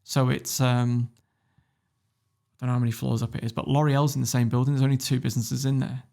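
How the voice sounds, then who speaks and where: A British man in his thirties, guesting on a podcast, tells a story briskly. His middle-pitched voice is gravelly and rasping, and he comes across blunt, sweary and animated.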